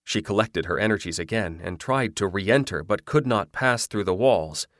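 A man narrating a ghost story in a measured, dramatic reading. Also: lowish voice, no room sound, studio quality. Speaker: audiobook narrator. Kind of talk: scripted narration.

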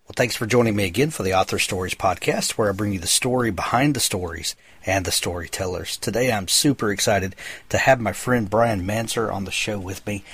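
A male podcast host with a low, husky voice, chatting eagerly with a guest and scattering fillers through his questions. The sound is dry and close. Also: fairly quick, fairly bright tone, no echo. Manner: enthusiastic, filler-heavy. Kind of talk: casual interview chat.

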